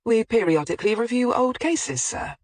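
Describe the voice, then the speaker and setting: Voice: medium pitch, animated, normal speed, a little mellow, no echo, voice pushed up, natural voice. A composed woman detective who presses a suspect politely and doggedly, with a mild ironic edge, as an audiobook narrator voices her. Her lines sit in a mid register. The audiobook is recorded close and dry. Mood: firm. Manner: politely persistent, mildly ironic. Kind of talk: audiobook character voicing.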